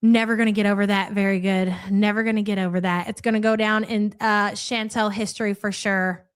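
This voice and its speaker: A woman's voice: medium pitch, level tone, a little fast, clear, resonant tone, dry recording. A woman from Kentucky with a Louisville accent, hosting a live reaction stream and reading out chat messages in a blunt, chatty way. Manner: chatty, blunt, swears casually.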